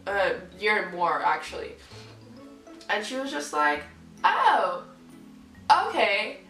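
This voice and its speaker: A woman's voice: mid-range voice, lively intonation, a little slow, sharp tone, distant mic. Young woman, candid vlog storyteller, swears freely, acts out quoted people, recorded roomy and off-mic with faint music. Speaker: vlogger. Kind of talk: casual storytelling to camera.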